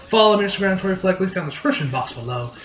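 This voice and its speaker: Casual male reviewer, high voice, loose and swearing, in a roomy echo. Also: rapid-fire. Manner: rambling, profane, acts out quotes in animated voices. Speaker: anime reviewer. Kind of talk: casual episode recap review.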